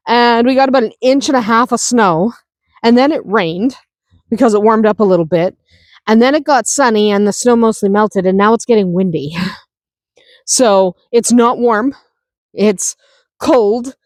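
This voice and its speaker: A woman's voice: a little high, unhurried, long pauses, a little mellow, dry recording. A woman chatting through a casual farm vlog, outdoors on a windy farm, often laughing and talking to her animals. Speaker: homestead vlogger.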